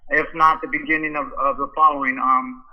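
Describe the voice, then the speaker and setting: A man's voice: mid-range voice, flat delivery, a little fast, muffled recording. A man, a boxing coach, talking casually in a podcast interview and rambling through stories with frequent restarts.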